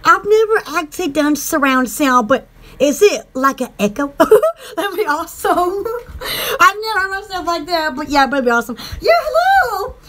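A woman with a Southern US accent hosting a casual live stream for her online shop, giggly and excitable, rambling with lots of fillers. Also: very high-pitched, moderate pace. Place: home in the woods.

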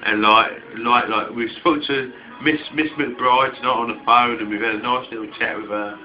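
A man's voice: medium pitch, steady tone, moderate pace, soft background music. A man rambling and swearing in a casual late-night chat at home while drinking. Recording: dull home video, 80s radio playing.

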